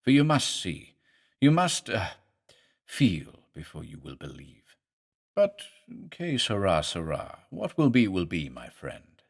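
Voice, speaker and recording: A man's voice: low voice, huge pitch swings, takes it slowly, creaky, full character voice. A man doing a hissing, sinister foreign professor. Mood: menacing. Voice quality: hissing sibilance. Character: sinister foreign male professor, cold and sardonic. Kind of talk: audiobook horror reading.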